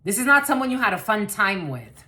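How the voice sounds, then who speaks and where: A woman's voice: mid-range voice, big pitch swings, a little fast, bright, forceful tone. A woman giving a collective tarot reading to camera, blunt and rambling, swearing freely and laughing often. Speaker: tarot card reader.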